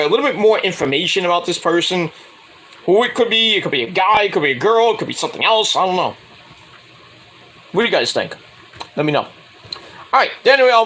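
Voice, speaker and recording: A man casually reviewing a wrestling show on his own, rambling with crude asides. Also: a little high. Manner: rambling, crude asides, jumps into loud impressions.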